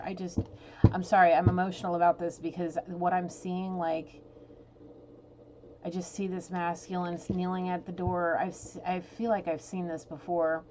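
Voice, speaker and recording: A woman giving a casual tarot reading, emotional, blunt and exasperated as she talks. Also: on the low side. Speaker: tarot reader. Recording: dull lo-fi sound with clear noise.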